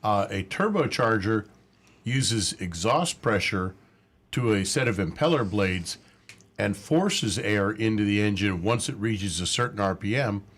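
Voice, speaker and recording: A man's voice: lowish voice, expressive, unhurried, a bit bright. A man on a call-in car show answering a caller with a plain, patient explanation. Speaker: car expert co-host.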